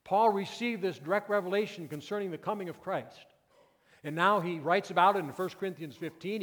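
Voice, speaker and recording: A male pastor preaching a sermon, moving from quiet, intimate passages to loud, emphatic peaks. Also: on the high side. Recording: long reverb of a church hall.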